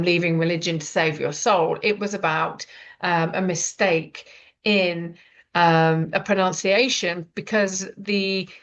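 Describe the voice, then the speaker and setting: A woman's voice: on the low side, fairly bright tone. A woman from Britain, an author and writing coach, talking casually and rambling with many fillers and restarts. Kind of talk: casual spoken talk. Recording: dull lo-fi sound.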